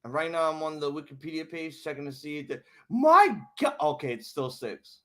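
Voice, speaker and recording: A man hosting a live wrestling reaction stream, ranting angrily and swearing, swinging from muttering to shouting. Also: fairly high pitch, steady tone, fast talker. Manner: angry, profane ranting.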